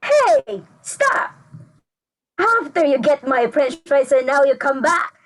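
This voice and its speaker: A woman's voice: sits high, animated, slow, exaggerated voice. A woman voicing a cross young girl in an amateur skit, scolding and indignant. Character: cross young girl guarding her fries.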